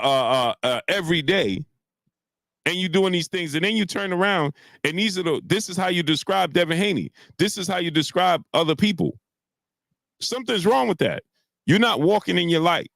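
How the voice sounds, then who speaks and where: A man hosting a boxing live stream, ranting heatedly with many filler sounds and shouting out chat viewers. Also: high-pitched, gravelly, dry recording. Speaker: boxing commentary host.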